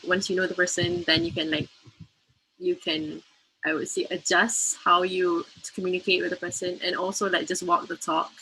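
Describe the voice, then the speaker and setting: A woman's voice: fairly low pitch, bright, forceful tone, breathy edge, rough recording. A young woman panelist on a video call, hesitant and using "like" often. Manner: hesitant, frequent "like". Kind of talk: casual panel discussion.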